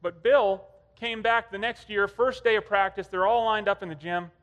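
High-voiced man preaching in a reverberant hall. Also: steady tone, moderate pace, fairly bright tone. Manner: conversational storytelling. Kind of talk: sermon.

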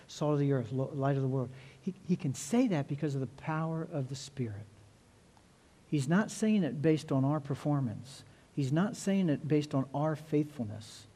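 A middle-aged man preaching a sermon as pastor, earnest, often repeating words and slowing down to stress key phrases. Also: on the high side, dark tone, breathy edge.

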